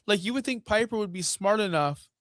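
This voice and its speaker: High-voiced man explaining slowly, dry sound. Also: expressive, fairly bright tone, no echo. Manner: slow, deliberate explaining with mocking quoted voices. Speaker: podcast co-host. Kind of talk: casual podcast chat.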